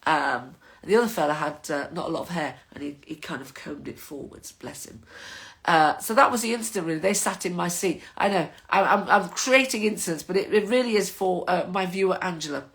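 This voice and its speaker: A woman's voice: lowish voice, fairly quick, a bit bright. An older woman, chatting casually to her viewers in a rambling, waffling monologue as the host of her own vlog.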